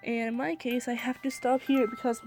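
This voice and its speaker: A woman's voice: on the high side, level tone, normal speed, a little mellow, faint music behind. A young woman reading a fan story aloud into her phone, stumbling and restarting often, her throat scratchy. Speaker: story reader.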